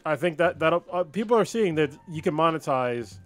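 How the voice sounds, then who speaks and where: A man with a fairly high voice co-hosts a casual podcast and tells a story with loose, profane energy. He jumps into the characters' lines as he goes. Faint music sits in the background. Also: animated, fairly quick, a bit bright. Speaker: podcast co-host. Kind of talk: casual chat, retelling a story.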